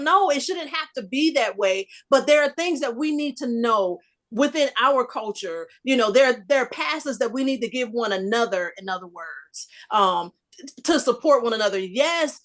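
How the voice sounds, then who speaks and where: A woman in her fifties telling a personal story in a casual group discussion, animated and emphatic. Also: fairly high pitch. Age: 50s. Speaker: discussion panelist.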